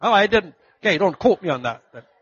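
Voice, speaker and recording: A middle-aged man preaching a sermon, telling stories and acting out the voices of the people in them, swinging from loud to hushed. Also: high voice, lively intonation, fast, husky, no room sound, muffled recording. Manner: storytelling, acts out quoted voices, big swings from loud to hushed. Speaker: pastor.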